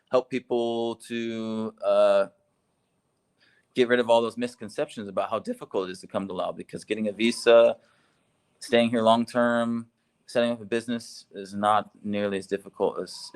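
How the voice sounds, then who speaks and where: A man's voice: lowish voice, fairly even intonation, normal speed. A man co-hosting a casual conversation, upbeat and enthusiastic, laughing easily. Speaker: co-host, expat living in Laos.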